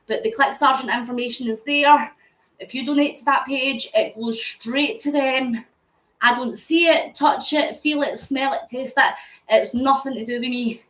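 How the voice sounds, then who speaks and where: This fundraising vlogger, a Scottish woman from near Glasgow, talks while cycling on a live stream, chatting through viewer comments with plenty of laughter. Her high voice moves at a moderate pace and sounds a bit bright, though the audio is poor and reverberant.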